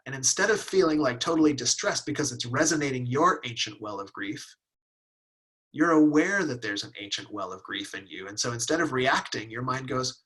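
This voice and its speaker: A husky, bright-toned middle-aged man leads a relaxed class on Taoist practice. He talks loosely and lively, slipping into little voices to act out what people think. His delivery is casual and playful. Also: medium pitch, a little fast, low-quality recording. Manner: animated, acts out inner voices with playful laughs. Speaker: Taoist teacher leading a workshop. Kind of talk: teaching a live online class.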